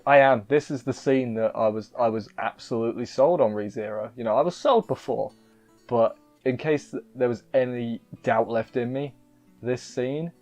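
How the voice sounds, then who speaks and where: Male anime reviewer, mid-pitch, rambly and gushing, mildly muffled sound, soft guitar underneath. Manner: emotional, rambling, self-interrupting. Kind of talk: casual chat.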